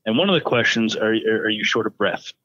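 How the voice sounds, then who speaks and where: A man's voice: on the low side, lively intonation, a little fast, bright, forceful tone, dry recording. A middle-aged man co-hosting a podcast, trading joking, self-deprecating banter. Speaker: podcast co-host. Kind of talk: casual chat. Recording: slightly dull lo-fi audio.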